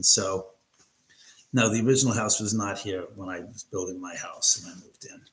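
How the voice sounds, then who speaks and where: A man's voice: mid-range voice, rough recording. Chatty man hosting a home livestream. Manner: chatty, reads and answers chat comments aloud. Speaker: livestream host. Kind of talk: casual live chat with viewers. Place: at home, his own house.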